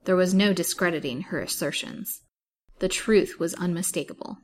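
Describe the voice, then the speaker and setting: Lowish-voiced woman narrating a novel. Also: moderate pace, slight background noise. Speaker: storyteller. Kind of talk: reading a serialized novel aloud.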